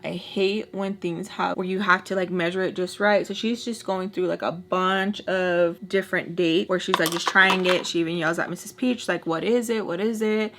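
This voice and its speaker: A young woman vlogger telling a dramatic storytime while doing her makeup, chatty and animated, full of "like" and "y'all". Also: on the low side, moderate pace, hardly any pauses, noisy background. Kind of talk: casual storytelling.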